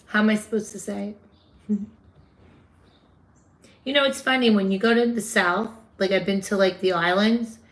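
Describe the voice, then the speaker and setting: A woman's voice: medium pitch, moderate pace, long pauses. A woman with a New York accent hosting a casual livestream, chatting with viewers and answering their comments. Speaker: livestream host.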